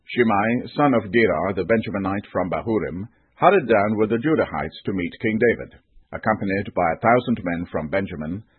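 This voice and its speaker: A man giving a measured, scripted Bible reading as narrator. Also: fairly low pitch, expressive, slightly rough, no room sound. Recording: tinny phone-like audio, dry.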